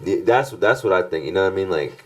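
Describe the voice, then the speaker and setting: A man's voice: sits low, lively intonation, quick pace. A man co-hosting a podcast in casual chat, laid-back and a bit hesitant, often asking questions. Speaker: podcast co-host.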